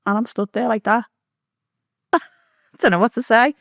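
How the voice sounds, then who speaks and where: Gravelly-voiced woman telling a tale. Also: a little high, normal speed, no room sound, studio quality. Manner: swearing, animated, acts out quoted speech. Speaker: podcast guest. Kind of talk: storytelling in casual chat.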